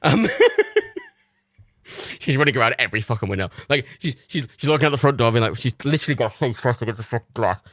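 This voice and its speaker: A man's voice: medium pitch, huge pitch swings, fairly quick, a bit bright, no echo, clean studio sound. A young man hosting a livestream, chatting in a casual storytelling way, laughing often and swearing casually. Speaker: livestream host.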